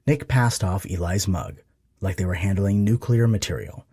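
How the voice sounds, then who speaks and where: A man narrating an audiobook romance in a soft, intimate reading. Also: low voice, normal speed, slightly rough, no room sound, studio quality. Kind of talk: scripted narration.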